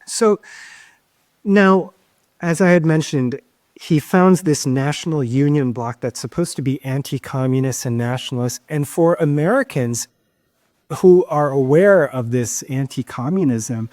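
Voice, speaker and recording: With a slightly high, darkish voice and a somewhat slow delivery, this man co-hosts a podcast and lectures on history. He's emphatic, stopping often to underline key points and sprinkling in "keep in mind" asides, and the recording is dry.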